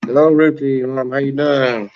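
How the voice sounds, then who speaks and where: A man's voice: mid-range voice, steady tone, moderate pace, dull audio. A man hosting a casual livestream from his phone, chatting and greeting viewers by name as he answers their comments. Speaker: livestream host.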